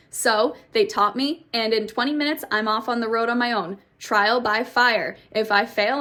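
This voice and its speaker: A woman's voice: medium pitch, fairly bright tone. A woman from Texas with a Southern accent, explaining English words in short lesson clips. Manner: clear, explanatory. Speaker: English teacher. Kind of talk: short English-tip reels.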